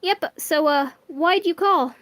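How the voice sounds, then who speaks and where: A woman's voice: very high-pitched, takes it slowly, a bit bright, no echo, pitched above the performer's own voice, full character voice. A woman voicing a nervous, eager young male office worker in a story she reads aloud. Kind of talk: storybook reading.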